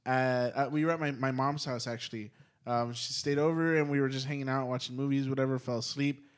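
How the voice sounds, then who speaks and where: A man's voice: mid-range voice, steady tone, brisk. A man hosting a casual podcast chat, telling a rambling, swear-laced anecdote in a studio. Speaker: podcast host. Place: recording studio.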